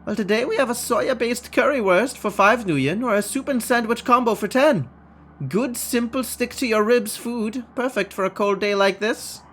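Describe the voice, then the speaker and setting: A man's voice: extremely high pitch, normal speed, a bit bright, a little hiss or hum, pitched above the performer's own voice. A man voicing a matronly, kindly middle-aged female food cart vendor in a game, homely and chatty. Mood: friendly.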